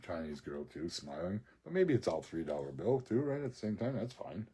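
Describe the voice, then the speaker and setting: A man with a very husky, raspy voice, pitched low and dark in tone. He rambles through a profane story, breaking into laughs as he goes. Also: big pitch swings, brisk. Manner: rambling, profane, laughs often mid-sentence. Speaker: social media video creator.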